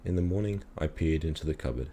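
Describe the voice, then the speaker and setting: A man calmly reading a children's story aloud in a measured storytelling manner. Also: very deep voice, a little hiss or hum. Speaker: reader.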